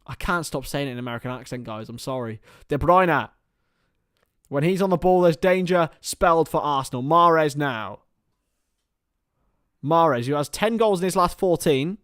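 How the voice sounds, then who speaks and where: A man's voice: on the high side, normal speed, a bit bright, smooth, no echo, clean studio sound. A young man hosting a live football watchalong, commenting on the match, swearing casually and chatting to his viewers.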